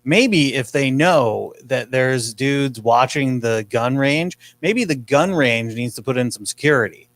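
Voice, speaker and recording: A man's voice: medium pitch, lively intonation, measured pace, hardly any pauses, a bit bright, no echo. A man hosting a podcast, riffing sarcastically on news clips in casual chat. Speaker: podcast host.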